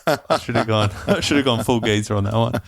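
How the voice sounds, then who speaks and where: A man's voice: mid-range voice, a little fast, vocal fry, dry recording, clean studio sound. A man co-hosting a podcast, chatting casually and rambling, often restarting his sentences. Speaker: podcast co-host.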